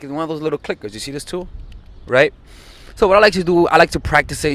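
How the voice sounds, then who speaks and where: A man talks straight to camera as a dating coach, his voice sitting a little high for a man. He speaks earnestly and insistently, often doubling and tripling words when he pushes a point. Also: fairly bright tone. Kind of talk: advice video to camera.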